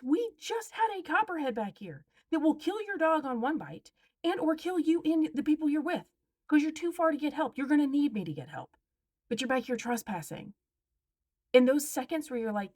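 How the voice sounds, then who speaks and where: Loud, exasperated woman ranting on camera. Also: high-pitched, lively intonation, moderate pace. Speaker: vlogger. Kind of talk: animated storytime rant.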